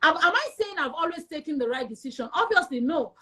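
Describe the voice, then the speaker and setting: Animated high-voiced Nigerian woman. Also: quick pace. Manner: emphatic and animated, acts out quoted voices. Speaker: interview guest. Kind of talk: candid personal storytelling in an interview.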